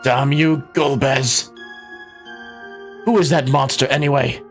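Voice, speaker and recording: A man's voice: mid-range voice, fairly even intonation, slow pace, vocal fry, faint music behind. A man voicing a timid young prince in a game read-through, plaintive in tone. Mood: sad.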